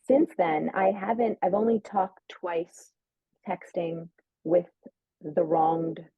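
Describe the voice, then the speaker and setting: A woman's voice: fairly low pitch, steady tone, takes it slowly, no room sound. A woman telling a personal story in casual chat, full of "like" and acting out quoted lines. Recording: narrow phone-like sound, dry.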